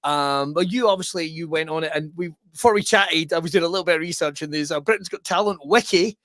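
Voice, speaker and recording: A middle-aged man hosts a podcast with a high, bright voice that cuts through. He tells animated stories, breaks into laughter often and swears freely, and the sound is close and dry with no room around it. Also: fast, no room sound. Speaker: podcast host. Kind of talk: casual chat.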